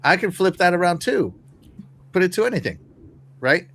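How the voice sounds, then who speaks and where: Animated man hosting a casual stream. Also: high-pitched, moderate pace, gravelly. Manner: animated, many fillers and restarts, talking to a live chat. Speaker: podcast host. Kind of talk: casual live-stream chat.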